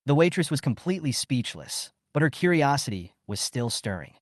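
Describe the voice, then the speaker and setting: A man reading a story recap as scripted narration, in a lively storytelling way. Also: mid-range voice, fairly quick, hardly any pauses, no echo, clean studio sound.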